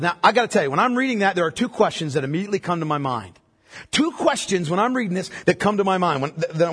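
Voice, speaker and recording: A man's voice: high-pitched, husky, in a large hall. A male pastor preaching a sermon, emphatic and checking in with the congregation through repeated questions.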